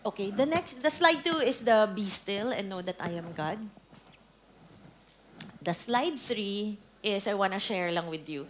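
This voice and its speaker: A woman's voice: medium pitch, slight background noise. A middle-aged woman with a Filipino accent giving a conversational talk to a women's ministry group, switching between Tagalog and English and often checking in with the audience. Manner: chatty, mixes Tagalog and English, keeps asking the audience. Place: church training session before an audience.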